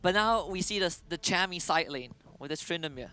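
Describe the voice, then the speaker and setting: A man casting a mobile esports match live, giving measured, analytical play-by-play. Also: sits high, expressive, pushed and bright. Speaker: esports caster.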